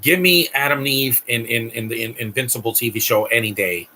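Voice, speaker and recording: A man's voice: mid-range voice, brisk, sharp tone, slight background noise, low-quality recording. A man hosting a live stream, giving a blunt, ranting movie reaction commentary with frequent restarts.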